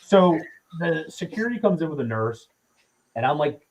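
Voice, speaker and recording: A man's voice: a little high, very animated, moderate pace, a little mellow, rough recording. A man in his thirties, a podcast guest, telling a story casually with lots of swearing and fillers. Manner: profane, rambling with many fillers.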